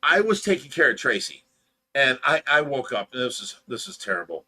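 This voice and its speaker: An older man hosting a fish rescue livestream chats casually in a folksy, rambling way, telling stories with mock offense. His mid-range voice swings widely in pitch and sounds pushed and bright, and he talks a little fast.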